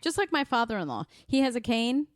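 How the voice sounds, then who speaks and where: A woman co-hosting a podcast in a smooth, clear voice, recorded close and dry. She chats casually and tells family stories, slipping into quoted voices. Her pitch sits a little high. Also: big pitch swings, a little fast, no room sound. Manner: chatty storyteller, acts out quotes. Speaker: podcast co-host. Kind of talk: casual chat.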